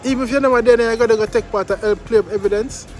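Jamaican male vlogger, high-pitched, emphatic patois commentary, music underneath. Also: very fast, some chatter behind. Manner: emphatic, repetitive, patois-laced. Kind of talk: commentary vlog.

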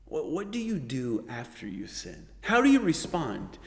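Animated man leading a Bible study. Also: on the high side, unhurried, gravelly, in a large hall. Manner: animated, acts out quoted voices, frequent "right?".

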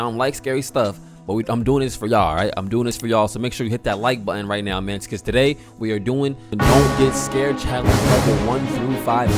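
A young man hosting a casual reaction video from home, excitable and nervous, swearing freely as he talks. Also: on the low side. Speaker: host.

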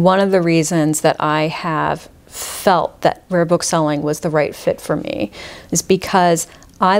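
Enthusiastic woman rare book dealer. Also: lowish voice. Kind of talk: conversational interview.

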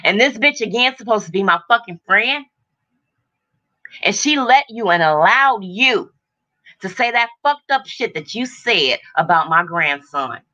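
A woman's voice: medium pitch, animated, measured pace, bright, forceful tone, highs cut off. A middle-aged woman hosting a livestream, ranting in furious, profane confrontation, agitated and overheated, and repeating her lines for emphasis. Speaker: livestream host. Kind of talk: angry livestream rant.

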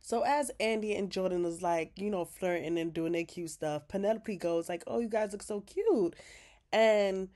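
A woman's voice: medium pitch, normal speed, mellow. A woman giving a casual, chatty recap of a TV episode, retelling scenes with quoted dialogue and sassy asides. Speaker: recap vlogger.

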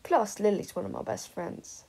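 A blunt, sharp-tongued teenage schoolgirl who puts the boys in their place, read by a woman. The voice is husky with a gravelly edge and a lively, wide-ranging pitch. Heard in an audiobook reading. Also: moderate pace, full character voice. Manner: blunt, snappy.

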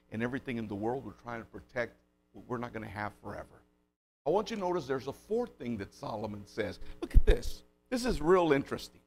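Middle-aged pastor guy preaching, chatty stories, gets loud and punchy on the big points. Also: fairly high pitch. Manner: storytelling, conversational with rising emphatic bursts. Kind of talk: sermon.

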